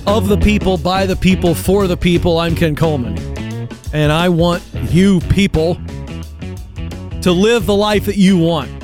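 A man's voice: high voice, unhurried, loud music behind the voice. A man hosting a career advice show, talking emphatically and with a coach-like push. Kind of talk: energetic talk-show monologue.

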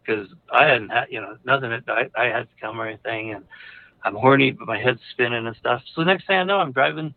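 Over phone-quality audio, a man with a medium-pitched, gravelly voice speaks a little fast as he recounts a personal experience. His casual, confessional story rambles and hesitates, full of fillers, restarts and nervous laughter.

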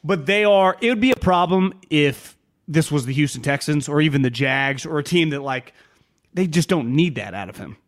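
A man co-hosting a casual sports podcast, talking in an animated way and acting out players' quotes. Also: fairly high pitch, normal speed. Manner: animated, quotes players in mock voices, many restarts.

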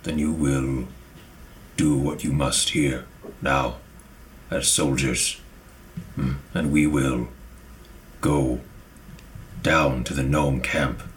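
A man voicing a solemn tortle warrior in a tabletop game, speaking slowly and humming as he muses. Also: rumbling low, steady tone, a little hiss or hum. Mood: ponderous. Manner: slow, pausing, with musing hums. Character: slow, deep-voiced tortle warrior, male, solemn.

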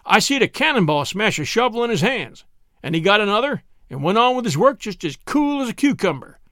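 A man's voice: high voice, sing-song, fairly quick, fairly bright tone, dry recording, clean studio sound, pitched above the performer's own voice. A man voicing a wry old country cobbler who talks in a drawling rustic dialect and teases dryly. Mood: teasing.

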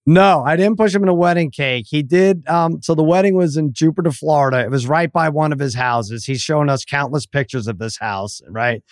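A man's voice: a little high, fairly quick, few pauses, dry recording, clean studio sound. A middle-aged man, a regular on the podcast, telling prank stories with lots of laughter in casual chat. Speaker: podcast regular, comedy writer.

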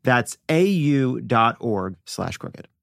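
A man reading a scripted advertisement in an earnest, measured way, slowing down for the web address. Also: mid-range voice, big pitch swings, creaky, very noisy. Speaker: ad announcer. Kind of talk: scripted ad read.

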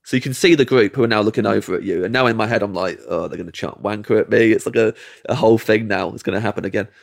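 An English comedian telling a long anecdote as a podcast guest, acting out the people in it and laughing mid-sentence. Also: male voice, lowish voice, rapid-fire, gravelly. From England. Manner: animated, acts out quoted voices, laughs mid-sentence. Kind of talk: storytelling anecdote.

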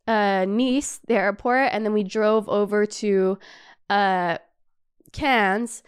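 A young woman hosting a podcast, telling a travel story in a casual, animated way, laughing often and swearing freely. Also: fairly high pitch, clean tone. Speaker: podcast host.

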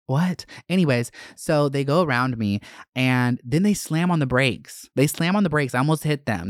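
A man rants straight into his phone about his week, cursing freely as his voice leaps higher in surges. The sound is dry and close with no room around it. His register is middle for a man, while the delivery is lively and loose. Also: no echo. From Atlanta area. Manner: profane, animated, quick bursts of rising pitch. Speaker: content creator. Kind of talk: casual storytime rant.

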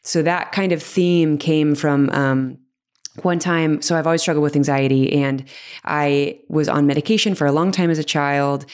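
A woman's voice: sits low, fairly even intonation, moderate pace, darkish tone, smooth. A woman in her thirties, a podcast guest, chatting casually and rambling with self-deprecating asides and restarts. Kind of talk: casual interview chat.

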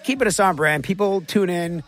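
A middle-aged man from Long Island with a Long Island accent, co-hosting a podcast in fast, joking banter. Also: high-pitched, fairly bright tone, no echo, soft background music. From Long Island, New York. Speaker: podcast co-host. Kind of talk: casual chat.

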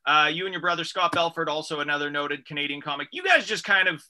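A man hosting a radio comedy show from a studio, his voice very bright and slightly high for a man. He talks in an energetic, jokey way and stretches his announcer lines out. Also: fast talker.

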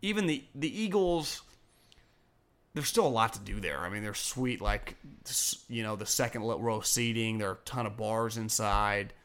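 Sports talk co-host: man, bright forward tone, loose and profane, meanders through his thoughts. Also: on the low side, animated, moderate pace. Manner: rambling, profane, laughs often. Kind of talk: casual sports chat.

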